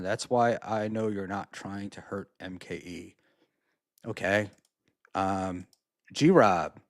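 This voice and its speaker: A man's voice: fairly low pitch, no room sound, studio quality. A man hosting a casual solo livestream, reading out chat messages and reacting in a rambling, profane way with lots of fillers.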